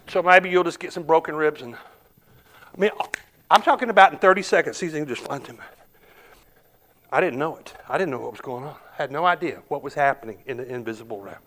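A man preaching a sermon, telling a story, swinging from hushed murmurs to emphatic shouts. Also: on the high side.

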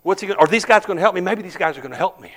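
A man preaching a sermon, telling a story, swinging from hushed murmurs to emphatic shouts. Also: high-pitched, expressive, very fast.

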